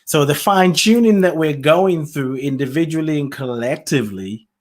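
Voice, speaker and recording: A UK-based man hosts his own self-produced podcast, speaking into a solo mic in a slightly high voice at a normal pace. He gives a rambling spiritual talk as a casual monologue, musing aloud, laughing often and losing his thread.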